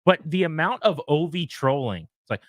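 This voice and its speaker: A man's voice: on the high side, lively intonation, moderate pace, no echo, clean studio sound. A man co-hosting sports talk radio, talking in an exasperated, sarcastic way.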